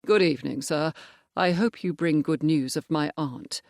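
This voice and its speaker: A narrator voicing a stern male cavalry major who speaks in a measured, firm way in an audiobook. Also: fairly high pitch, gravelly, dry recording, clean studio sound. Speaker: character in an audiobook. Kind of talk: audiobook character voice.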